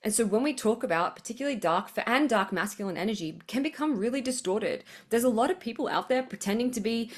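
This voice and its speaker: A woman's voice: a little high, expressive, fast talker, few pauses. A woman hosting a podcast, giving a rambling spiritual monologue, full of fillers and blunt swearing. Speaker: podcast host.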